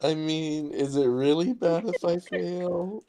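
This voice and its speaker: A man's voice: a little high, steady tone, slow pace, dark tone, no echo. A man playing a tabletop game over a video call, hesitant and nervous about his rolls. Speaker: player.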